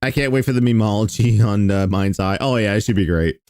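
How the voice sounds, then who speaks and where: A man's voice: fairly low pitch, a little fast, a little mellow. A man streaming, reacting to an old video in a casual, sarcastic and profane way.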